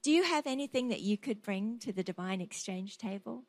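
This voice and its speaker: A woman's voice: medium pitch, animated, brisk, no room sound. A woman preacher delivering a sermon, passionate and declarative as she urges her listeners to act.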